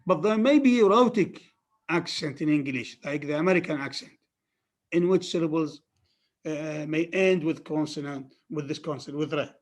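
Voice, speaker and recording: A man's voice: on the high side, normal speed. A man with an Arabic accent giving a phonetics lecture, repeating key terms emphatically for students. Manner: repetitive, emphatic teaching with many restarts.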